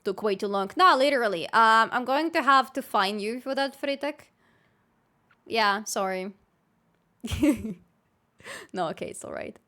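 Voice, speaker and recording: High-voiced woman streamer. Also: animated, measured pace, pauses often, bright, forceful tone. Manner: playful, bursts into squealing laughs. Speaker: livestreamer. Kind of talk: casual chat with live viewers.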